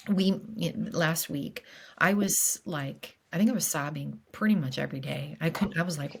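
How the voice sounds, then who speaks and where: A middle-aged woman speaking as a podcast guest in a candid conversation about grief, halting with fillers and restarts, openly emotional and earnest. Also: low-pitched, vocal fry, husky.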